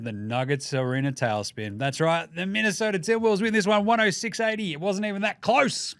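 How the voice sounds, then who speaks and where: A man's voice: high voice, fairly quick, hardly any pauses, no room sound, studio quality. A man with an Australian accent hosting a casual sports commentary show, jokey and full of swearing. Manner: profane, jokey, animated. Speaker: podcast host.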